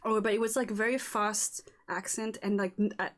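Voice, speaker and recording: A woman with a French accent, speaking English as a second language, hosting a casual chat and talking haltingly with many fillers and restarts. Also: medium pitch, steady tone. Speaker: host.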